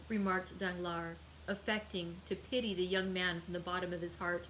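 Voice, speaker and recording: A woman librarian reading a classic novel aloud with steady, clear storytelling. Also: lowish voice, moderate pace, few pauses, a little hiss or hum, poor audio. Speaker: librarian hosting a read-aloud.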